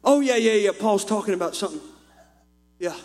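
A man with a very high voice preaches to his church, swinging from quiet asides into impassioned shouting. His voice carries a long reverb from the hall. A faint electrical hum sits underneath. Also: expressive, a little fast. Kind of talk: sermon. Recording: echoey hall with mains hum.

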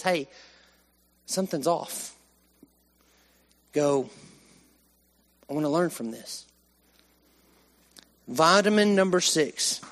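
A man preaching a sermon, swinging from raised emphasis to hushed, slow lines. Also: fairly high pitch. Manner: animated, with sudden rises and hushed drops.

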